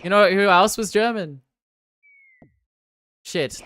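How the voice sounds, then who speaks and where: Speaking slowly in a medium-pitched voice, with no echo, a young Australian woman from Victoria reads viewer comments on her live stream. Her chat is casual, joking, and sarcastic, with loud bursts of protest.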